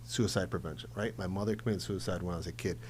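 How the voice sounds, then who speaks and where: A man's voice: sits low, steady tone, fast, slight background noise. A man in his forties, an entrepreneur guest talking candidly and emphatically in a casual interview. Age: 40s.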